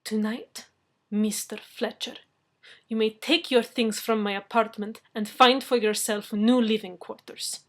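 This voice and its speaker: A woman's voice: on the high side, steady tone, unhurried, close to an everyday voice. A woman voicing proud, indignant Anna. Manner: indignant, drops articles. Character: proud, fiery woman speaking stiff, article-dropping English. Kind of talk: audiobook reading.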